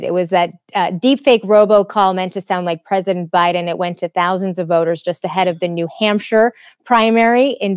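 A woman's voice: medium pitch, a little mellow, no echo, studio quality. A woman hosting a tech podcast in a friendly, easy-laughing way, sometimes restarting her sentences. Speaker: host. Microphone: studio microphone.

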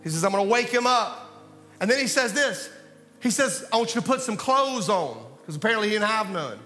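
A pastor preaches with animated swings between loud calls and quiet asides. His voice is high and bright. It rings through a reverberant hall, with faint music underneath. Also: brisk. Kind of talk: sermon.

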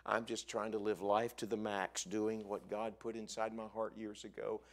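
A male evangelist preaching a sermon in a church, telling a story with lively, animated delivery that climbs high for emphasis. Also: normal speed. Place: church sanctuary.

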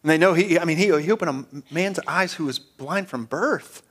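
Earnest pastor preaching, slightly high voice. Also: male voice, normal speed, fairly bright tone, slightly rough. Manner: earnest, conversational preaching with stumbling repeated words. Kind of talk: sermon.

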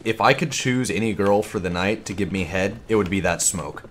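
A young man streaming a shooter game in casual chat, joking and swearing, now and then bursting into yells. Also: fairly low pitch, moderate pace, a little hiss or hum.

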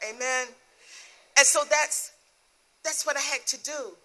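A middle-aged woman, a guest minister, telling an emotional personal testimony in a sermon with soft laughs. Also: high voice, steady tone, a little slow.

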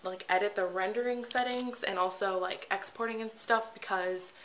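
A teenage girl vlogging casually at home, excitable and gushing, with lots of fillers, recorded on a camera mic. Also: mid-range voice, moderate pace, a little hiss or hum, rough recording. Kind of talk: casual vlog chat. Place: at home indoors.

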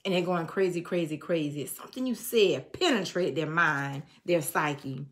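A woman's voice: low voice, normal speed. A woman giving an emotional tarot reading to her viewers. She speaks in a preachy way and breaks into snatches of songs. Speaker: tarot reader.

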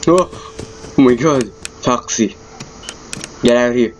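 A man doing let's-play commentary while playing a horror game, jumpy and quick to cry out when startled, recorded on a headset. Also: mid-range voice, slight background noise, low-quality recording. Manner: jumpy, exclaiming, easily startled.

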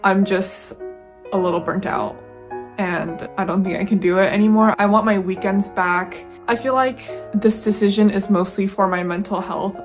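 A woman's voice: mid-range voice, echoey room, far from the mic. A woman in her twenties talking casually to camera in a candid, chatty and slightly anxious way. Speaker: vlogger. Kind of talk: casual vlog talk to camera. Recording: music playing underneath.

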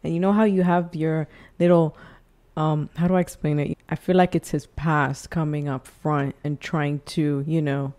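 A woman hosting a reaction video, with a slightly low voice. She talks in a loose, chatty and expressive way and throws in the odd swear word. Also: moderate pace. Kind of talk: casual reaction commentary.

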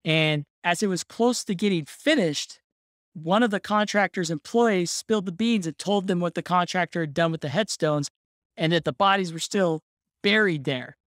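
A podcast host telling a story in casual chat, relaxed and laughing often. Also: mid-range voice, normal speed, dry recording, studio quality.

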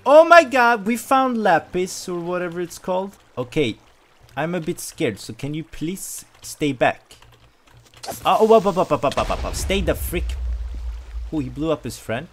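Excitable man, lively pitch. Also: moderate pace, a little hiss or hum. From Sweden. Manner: excitable, jumpy, yelps when startled. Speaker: gameplay commentator. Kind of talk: let's play commentary.

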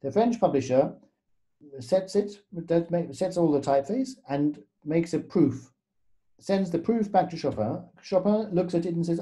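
A man's voice: on the high side, animated, measured pace, warm tone. A man, a guest pianist, explaining in a storytelling way with frequent fillers and tag questions. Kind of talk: conversational explanation.

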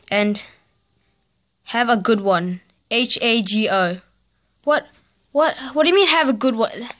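A woman with a somewhat high voice vlogs in a loose, casual way. She rants with sarcastic exasperation and spells out letters one by one in disbelief. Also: fairly bright tone. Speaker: vlogger. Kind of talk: casual vlog rant.

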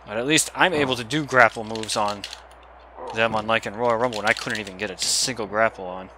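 A young man giving casual gameplay commentary, excitable and swearing as he yells at the game. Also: lowish voice, brisk, noisy background. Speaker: gamer.

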